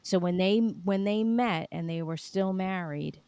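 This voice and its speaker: A woman's voice: mid-range voice, a little slow, mellow, dry recording. A woman co-hosting a podcast, casually telling backstory step by step. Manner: storytelling, walks through backstory step by step. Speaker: podcast co-host. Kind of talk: casual chat recapping a reality show.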